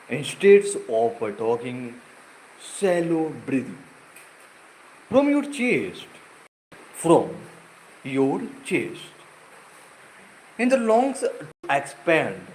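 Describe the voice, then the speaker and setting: Slow, halting man practicing a speech. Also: mid-range voice, slight background noise, poor audio. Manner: slow, halting delivery with pauses and self-corrections. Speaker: self-improvement vlogger.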